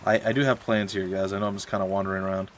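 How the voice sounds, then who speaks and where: Young man with a lowish voice, chatty and ranty, streaming gameplay. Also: flat delivery, rapid-fire, a little hiss or hum. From Florida, USA. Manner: rambling, ranting asides. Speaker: let's play streamer. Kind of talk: casual gameplay chat.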